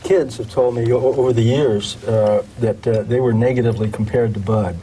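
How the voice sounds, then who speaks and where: Hesitant man speaking, mellow voice. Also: medium pitch, steady tone, slight background noise, low-quality recording. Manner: halting, hesitant. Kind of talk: group interview conversation.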